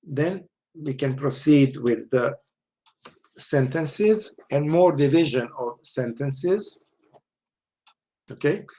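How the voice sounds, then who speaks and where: A man's voice: a little high, lively intonation, slow pace, long pauses, warm tone. Man lecturing, constant "okay?" checks. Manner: frequent "okay?" checks, restarts, explanatory. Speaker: university lecturer. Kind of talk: online lecture.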